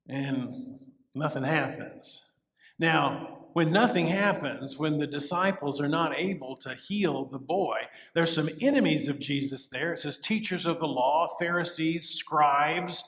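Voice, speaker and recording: Storytelling male pastor in an echoey church. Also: on the high side. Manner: storytelling, animated, acts out quotes. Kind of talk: sermon. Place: church sanctuary. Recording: echoey church sanctuary with long reverb.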